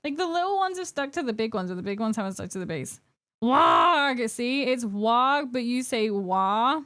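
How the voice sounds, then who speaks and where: A woman's voice: on the high side, animated, normal speed, fairly bright tone. A young woman streaming as she paints miniatures, chatting casually, giggling and poking fun at herself. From United Kingdom. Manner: giggly, chatty, self-mocking. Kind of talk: casual live-stream chat.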